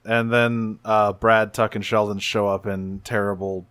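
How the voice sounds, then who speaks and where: A man's voice: lowish voice, little pitch movement, unhurried, a bit bright, clean tone, no room sound, clean studio sound. A man casually recapping a cartoon episode on a podcast, rambling and swearing as he acts out bits. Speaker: podcast co-host.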